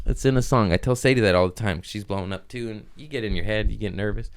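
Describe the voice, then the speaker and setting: Male podcast host, smooth resonant voice, loose profane comedic rambling. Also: lowish voice, dry recording, clean studio sound. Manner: rambling, profane, jumps into quick mock voices. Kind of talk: casual comedic monologue.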